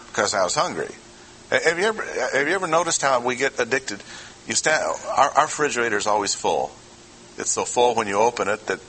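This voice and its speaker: A man's voice: lowish voice, bright, forceful tone, slight background noise, rough recording. A man preaching an expository sermon, talking conversationally and putting questions to the congregation. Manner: conversational, asks the audience questions. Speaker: pastor.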